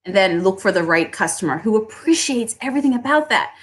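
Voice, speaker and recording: A woman who owns a small business, giving a motivational talk on pricing, often asking "right?" and acting out customers. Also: a little fast. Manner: animated, acts out customers in high voices, asks "right?" often.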